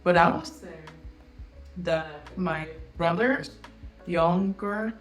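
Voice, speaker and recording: A woman's voice: lowish voice, takes it slowly, soft background music, low-quality recording. A young woman telling personal stories in casual conversation as a podcast guest, laughing often and using many fillers. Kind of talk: casual storytelling.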